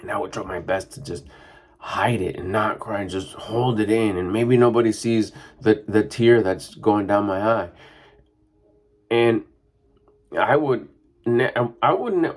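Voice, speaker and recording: A middle-aged man, a mindset coach, talking in a rambling, casual monologue full of fillers. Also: lowish voice. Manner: rambling and conversational, with frequent fillers.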